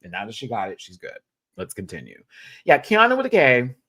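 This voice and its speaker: A young man giving casual, expressive commentary as a reviewer of a reality show, often swinging into high exclamations. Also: brisk.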